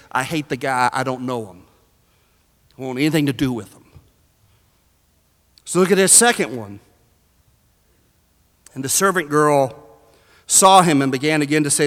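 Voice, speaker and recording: A man delivers a sermon to a congregation, his slightly raised voice climbing to shouts and dropping to near whispers. His words ring out with a long reverb, as from a large church hall. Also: a little high, unhurried, long pauses. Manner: dynamic, swings from shouting to hushed; speaks to a live congregation. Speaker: preacher.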